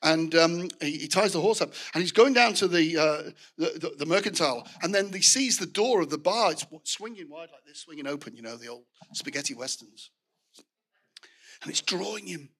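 Man, middle-aged, preaching, high voice, storytelling with restarts. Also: expressive, normal speed, fairly bright tone, husky. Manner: storytelling with frequent restarts and asides to the congregation. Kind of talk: sermon.

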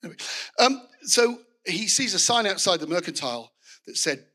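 Man, middle-aged, preaching, high voice, storytelling with restarts. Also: expressive, moderate pace, bright, forceful tone. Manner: storytelling with frequent restarts and asides to the congregation. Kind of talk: sermon.

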